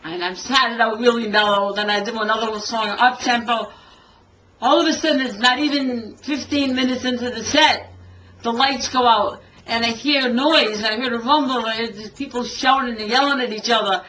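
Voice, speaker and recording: An older woman, a singer, telling a story from her early career in an interview. She is a lively storyteller who acts out what people said and laughs often. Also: a little high, moderate pace, slight background noise, poor audio. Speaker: singer and tribute artist.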